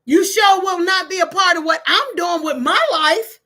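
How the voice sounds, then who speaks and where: A middle-aged woman hosting an online live stream gives a motivational talk like a preacher, emphatic and plain-spoken in Black American vernacular. Her extremely high voice sounds pushed and bright, at a normal speed.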